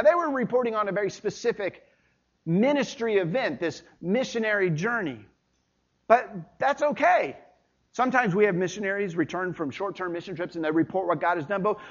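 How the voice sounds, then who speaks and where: A man preaches a Sunday sermon in a conversational, folksy way, with homey stories between the verses. His voice sits high and swings widely in pitch. The church recording sounds a little dull and lo-fi. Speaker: pastor.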